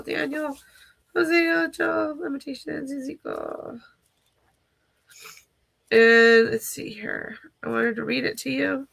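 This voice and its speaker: A woman hosting a live devotional stream, speaking earnestly and heartfelt, at times pausing to find a scripture passage and read it aloud. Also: high voice, vocal fry, fairly bright tone, breathy edge. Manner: earnest, heartfelt, searching for words. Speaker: children's ministry teacher. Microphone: phone or webcam livestream.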